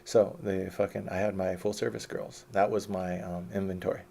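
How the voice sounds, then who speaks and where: Brief: man, low flat gravelly voice, loose profane autobiographical rambling. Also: normal speed, a little hiss or hum. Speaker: storyteller recounting his life. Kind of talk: casual autobiographical monologue.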